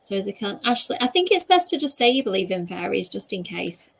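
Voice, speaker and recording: A woman's voice: mid-range voice, big pitch swings, fairly quick, creaky, husky. A woman hosting a casual chat over a video call. She talks in a chatty, rambling way. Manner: chatty and rambling, with frequent laughs. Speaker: host, author.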